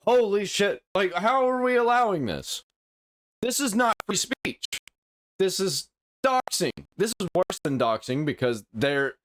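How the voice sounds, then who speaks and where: Male reaction host, high and swooping, exasperated profane rants. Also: unhurried. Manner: exasperated, profane, animated ranting. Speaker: commentary host reacting to a video. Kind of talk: reaction commentary.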